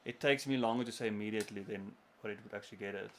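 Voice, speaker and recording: A man co-hosting a gaming livestream, chatting in an animated way and stopping to search for words. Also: on the low side, very fast, a little hiss or hum. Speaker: co-host of a gaming stream. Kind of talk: casual chat.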